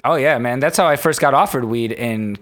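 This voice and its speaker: A man who is a comedian guest on a podcast, telling stories in a fast, excitable, casual way with swearing. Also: medium pitch. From Toronto.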